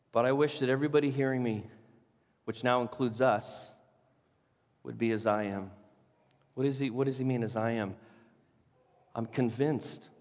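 A man preaching a sermon as pastor, rising to loud, high proclaiming and dropping to hushed, low emphasis. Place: church sanctuary. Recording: long reverb of a large hall.

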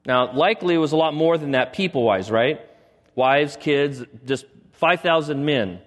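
A man's voice: on the high side, moderate pace. Preaching man with echoing hall reverb. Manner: animated storytelling, acts out quoted lines. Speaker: pastor. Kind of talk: sermon.

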